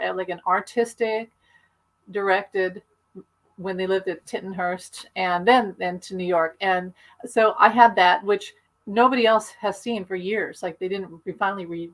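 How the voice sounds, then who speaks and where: A woman's voice: mid-range voice, a bit bright, rough recording. Chatty woman on a video call. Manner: chatty, rambling, laughs often. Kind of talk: casual chat.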